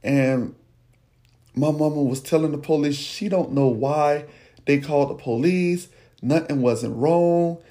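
A man slowly recounting a painful childhood memory as personal storytelling, speaking. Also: fairly high pitch, mellow. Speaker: podcast host telling his life story.

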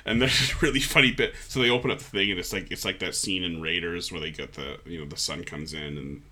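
A man's voice: deep voice, quick pace. A man in casual chat, recapping a film's plot and acting out the characters' lines as he goes. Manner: animated storytelling, acts out characters' lines. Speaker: podcast co-host recapping a film.

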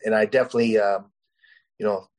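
A man's voice: fairly low pitch, steady tone, fast talker, darkish tone, low-quality recording. Guest fighter, male, loose rambling delivery, lots of fillers, conversational. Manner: rambling, heavy with "you know" and "uh" fillers. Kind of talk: casual storytelling interview.

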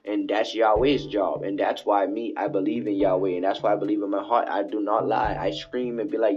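Alone in his bathroom late at night, a man hosts his own podcast in a low, steady, brisk voice with few pauses. His monologue rambles and preaches, circling back and repeating itself. The home recording is dull and lo-fi, with faint music behind him.

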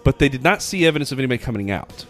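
A man's voice: medium pitch, lively intonation, rapid-fire, fairly bright tone, soft background music. A man co-hosting a podcast, telling a story casually with plenty of fillers. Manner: storytelling, chatty, hesitant with fillers. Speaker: podcast co-host. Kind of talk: casual chat.

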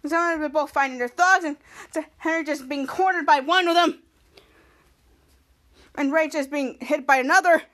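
A woman's voice: high voice, moderate pace, long pauses, fairly bright tone. A young woman hosting a podcast, casually recapping a TV episode scene by scene, with many restarts as she acts out the characters' lines. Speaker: podcast host.

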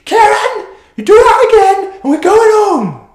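A man voicing a shrieking Welsh mother scolding her little boy, in a shrill, strained falsetto. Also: very animated, measured pace, exaggerated voice. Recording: echoey hall.

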